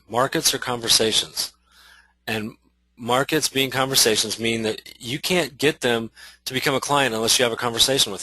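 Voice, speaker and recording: Guy teaching realtors social media stuff, bright voice, dry close sound, lots of restarts and "right?". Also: mid-range voice, no echo, rough recording. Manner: conversational, with many restarts and rhetorical questions. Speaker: real estate trainer. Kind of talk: instructional talk.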